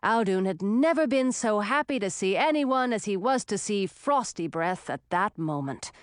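A woman narrating a fantasy story in an expressive, dramatic reading style. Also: mid-range voice, moderate pace, dry recording, clean studio sound. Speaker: audiobook narrator.

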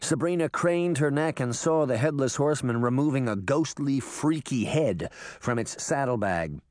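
A man reading a children's adventure story aloud as an audiobook narrator, with expressive, animated storytelling. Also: medium pitch, normal speed, no echo, clean studio sound.

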